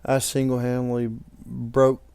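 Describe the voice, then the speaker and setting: A man's voice: medium pitch, monotone, unhurried, vocal fry, darkish tone, clear, resonant tone, dry recording. A man co-hosting a casual podcast, cutting in with jokes and questions. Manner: interjecting, joking. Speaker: podcast co-host. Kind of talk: casual chat.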